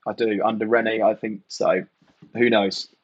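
A man's voice: fairly low pitch, flat delivery, unhurried, slightly rough, dry recording, dull audio. A man from England, a podcast guest and former rugby player, talking in a casual, reflective way, often saying "you know" and "mate".

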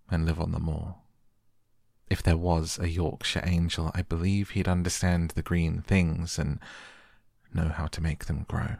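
A man's voice: sits low, creaky, darkish tone, no echo, studio quality, heavily acted. A man voicing a blunt, stubborn young girl in a storybook reading, plain-spoken and earnest.

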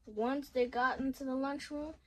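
A woman's voice: high voice, steady tone, darkish tone, slight background noise, rough recording. A woman reading a children's story aloud, stumbling and restarting words as she goes. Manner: halting, frequent restarts and self-corrections. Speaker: story reader.

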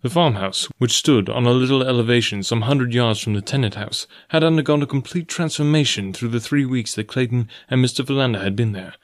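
A man reads a novel aloud in a steady, even manner. His voice sits at a middling pitch, and the sound is close and dry, with no room echo. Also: fairly quick, hardly any pauses. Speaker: narrator. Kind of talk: audiobook reading.

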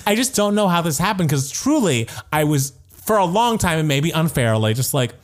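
A man's voice: on the high side, very animated, normal speed. A man co-hosting a podcast in casual chat, gushing with enthusiasm, laughing often and filling his talk with "like". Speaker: podcast co-host.

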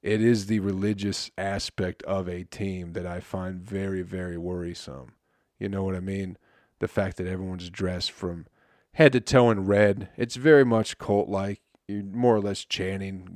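Profane, ranting man with low voice. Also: level tone, moderate pace, a little mellow, no room sound, clean studio sound. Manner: swears constantly, laughs at his own jokes. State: dry throat. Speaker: podcast host. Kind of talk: profane comedic rant.

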